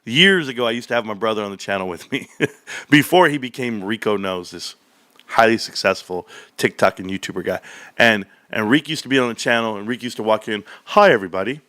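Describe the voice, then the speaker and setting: A man hosting casual stock market commentary, animated and joking, calling his viewers bro. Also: lowish voice, a little fast, no room sound, studio quality. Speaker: stock market video host.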